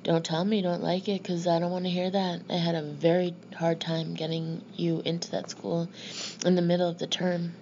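A woman's voice: on the low side, flat delivery, moderate pace, dark tone, lo-fi sound, slight background noise, lightly acted. A woman reading the lines of a weary, no-nonsense mother who answers curtly and dismissively. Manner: curt, dismissive.

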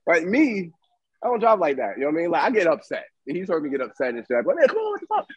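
Animated husky man telling stories. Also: fairly high pitch, fast talker, no room sound, highs cut off. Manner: animated storytelling, acts out quoted voices. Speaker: podcast co-host. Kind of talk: casual debate chat.

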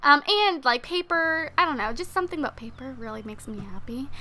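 A woman's voice: sits high, expressive, a little fast, pushed and bright. A young woman giving casual, chatty commentary while she plays a life-sim game, using lots of fillers. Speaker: let's play host.

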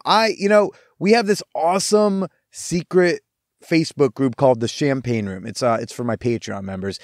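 Young dude podcast host, casual and animated storytelling, swears a lot, dry close mic. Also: male voice, mid-range voice, dry recording. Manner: animated and profane, with quick asides.

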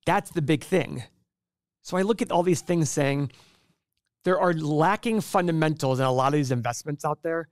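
A middle-aged man talks through investing in a casual, emphatic way, firing off rhetorical questions and acting out what others say. His voice sits a little high for a man. The sound is close and dry, with no room around it. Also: moderate pace, no room sound. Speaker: investing show host. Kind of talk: casual explanatory talk to camera.

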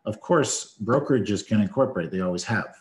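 A low-pitched man explains taxes plainly on a webinar, checking in often to make sure he is understood. His voice sounds echoey, as if he is talking in a bare room. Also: expressive, fairly quick. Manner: plain-spoken, checks understanding with repeated "okay". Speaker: accountant co-host. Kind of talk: explaining tax in a live webinar.

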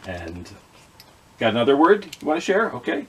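A man's voice: mid-range voice, huge pitch swings, normal speed, slightly rough. A man leading a children's reading skit with puppets, patiently sounding out letters and words. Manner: gently apologetic with the puppets. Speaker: children's librarian.

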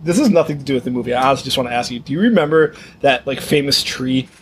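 A man's voice: mid-range voice, rapid-fire, slight background noise. A man co-hosting a horror movie podcast, reacting with disbelief and laughing asides. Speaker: podcast co-host. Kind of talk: casual movie chat.

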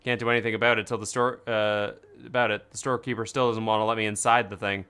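A man's voice: lowish voice, little pitch movement, quick pace, bright, forceful tone, smooth. A man playing a game with friends, reading on-screen text aloud with stumbles, laughter and swearing. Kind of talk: casual let's-play chat.

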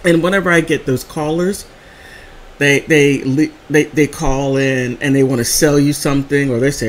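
A woman vlogger telling funny stories in a casual, animated way, laughing often between phrases. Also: low-pitched, moderate pace, a little hiss or hum. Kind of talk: casual storytelling vlog.

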